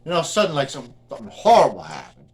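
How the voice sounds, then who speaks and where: A man's voice: fairly high pitch, wildly swooping pitch, racing. A man in his fifties telling a rambling, casual story, swearing freely and tagging his sentences with "man" and "you know what I mean". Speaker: guitar restorer and vlogger. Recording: loud guitar playing behind the voice.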